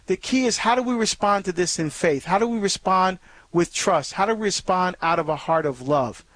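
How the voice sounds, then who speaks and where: A man with a high, light voice hosts a Catholic call-in radio program from a studio. He talks earnestly and conversationally, often stopping to restart a thought with fillers. The recording is dry and close, with no room sound. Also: normal speed, fairly bright tone, dry recording. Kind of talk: faith talk radio monologue.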